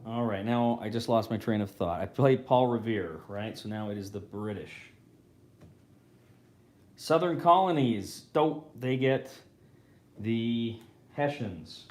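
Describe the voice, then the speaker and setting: A man's voice: on the low side, a little slow, dark tone. A man hosting a live board game playthrough, thinking aloud casually and correcting himself as he goes. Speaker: host. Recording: roomy echo.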